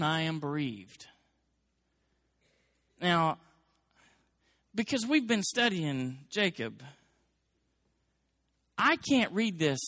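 A male pastor preaching a sermon in a lively, emphatic way, rising to forceful peaks. His voice sits high for a man. The sound is dry and close. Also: no room sound.

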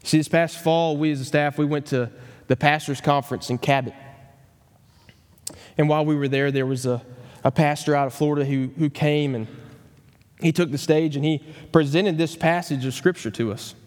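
Man, pastor, sermon, slightly higher voice, emphatic, long church reverb. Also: fairly even intonation, a little mellow. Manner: earnest, emphatic, slows down on key phrases. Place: church sanctuary.

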